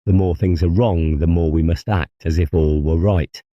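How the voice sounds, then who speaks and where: Man reading as a calm, scheming doctor. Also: sits low, no echo, muffled recording, lightly acted. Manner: calm, measured, coaxing. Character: cold scheming male doctor, calm and persuasive.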